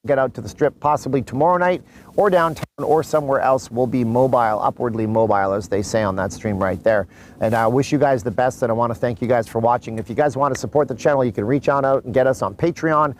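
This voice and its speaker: A man's voice: medium pitch, slight background noise, poor audio. A man born in Canada, vlogging in a chatty, rambling way with asides to his viewers, a mask on as he talks. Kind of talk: casual vlog commentary. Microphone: mask on while talking.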